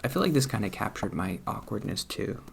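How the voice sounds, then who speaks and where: A young man vlogging casually, awkward and self-deprecating, mumbling with soft laughs. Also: fairly low pitch, very animated, a little fast, creaky, a little hiss or hum. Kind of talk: casual chat.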